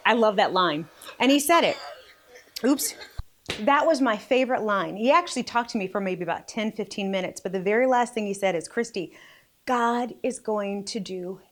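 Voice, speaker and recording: A woman in her forties hosting a casual faith vlog, chatty and quick to laugh at herself. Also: medium pitch, animated. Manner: chatty, laughing, self-deprecating. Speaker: vlog host.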